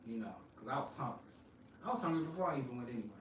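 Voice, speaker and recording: A woman's voice: very deep voice, animated, very fast, a little hiss or hum. A woman chatting casually as a podcast guest, blunt and joking, laughing often. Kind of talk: casual chat. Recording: echoey room, mic at a distance.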